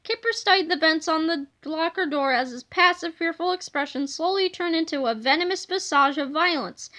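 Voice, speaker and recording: Lady reading a kids book out loud, high voice, lively. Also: normal speed. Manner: animated storybook reading. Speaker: reader. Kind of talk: reading a children's book aloud.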